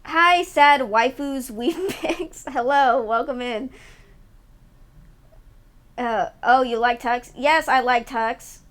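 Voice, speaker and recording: High-voiced woman streamer ranting. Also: slow pace, pauses often. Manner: swears a lot, ranty and animated. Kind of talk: casual chat with live chat.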